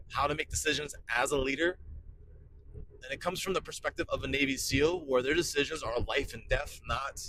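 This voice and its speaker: A man's voice: mid-range voice, bright, forceful tone, slight background noise, poor audio. A man in his forties, a pastor, giving casual podcast talk in an enthusiastic, emphatic way and repeating key phrases. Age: 40s.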